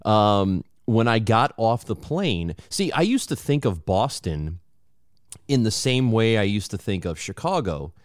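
Low-voiced joking podcast host. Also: male voice, a little slow, no echo, clean studio sound. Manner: animated, laughs often, joking. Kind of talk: casual podcast chat.

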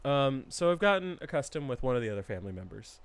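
Young guy, lively storyteller, curses a lot, clear dry voice, a bit high. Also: quick pace, no room sound. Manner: animated storyteller, swears a lot, acts out a dog's thoughts. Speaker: roommate telling stories. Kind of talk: casual chat.

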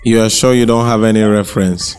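A man's voice: lowish voice, fairly even intonation, fairly quick, darkish tone, smooth, soft background music. A man who hosts a prank-call podcast. He asks pointed, accusing questions with a straight face.

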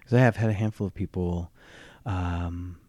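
A man hosting a solo podcast in his groggy early morning voice, talking haltingly with many fillers and restarts. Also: low voice, fairly even intonation, a little mellow, no echo. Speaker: podcast host.

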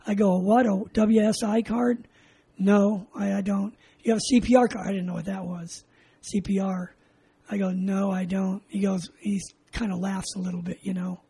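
An older veteran from California, USA is interviewed for an oral history, telling a story animatedly with frequent laughs and acted-out dialogue. His voice is high with vocal fry and slight roughness, at a moderate pace. The recording is rough.

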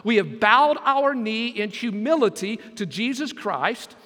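A man's voice: high voice, sing-song, a little slow, sharp tone, in a large hall. A man preaching a sermon as senior pastor, joking with the congregation and drawing back "Amen?" replies. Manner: preaching with jokes and call-and-response asides.

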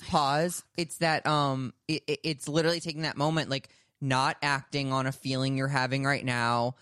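A man co-hosting a podcast in casual chat, gentle and upbeat, speaking in a reassuring way. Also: mid-range voice, little pitch movement, normal speed, clean tone, no room sound, clean studio sound. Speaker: podcast co-host.

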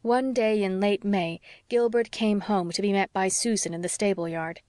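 A woman narrating an audiobook in a steady, unhurried reading voice. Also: mid-range voice, dry recording, studio quality. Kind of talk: scripted narration.

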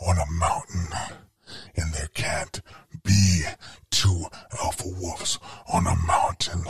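A man voicing a brooding male werewolf wrestler who cuts a slow, growling promo with whispered threats. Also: low voice, a little hiss or hum, voice pushed down, full character voice. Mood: brooding menace. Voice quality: gravelly.

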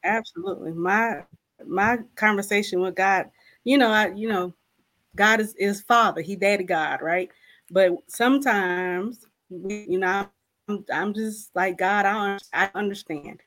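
A woman's voice: mid-range voice, measured pace, a bit bright. A woman guest co-author, telling her personal testimony candidly and acting out her own prayers.

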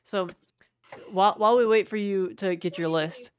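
A man's voice: sits high, moderate pace, smooth, no room sound, studio quality. A young man co-hosting a podcast, chatting casually, joking and swearing as he rambles. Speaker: podcast co-host. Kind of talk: casual chat.

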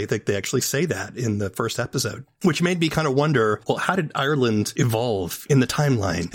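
A man's voice: medium pitch, dry recording. Dry-sounding male podcast interviewer. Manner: thinking aloud, searching for words. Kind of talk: interview questions.

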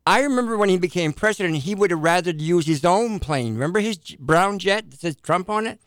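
A man's voice: high-pitched, expressive, a little fast, fairly bright tone, dry recording, clean studio sound. A man talking as a guest on a casual talk show, rambling and hesitant, with many fillers.

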